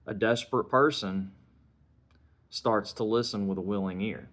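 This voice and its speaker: A man's voice: lowish voice, normal speed. A man giving a casual spoken film review, retelling scenes and dialogue in a conversational way.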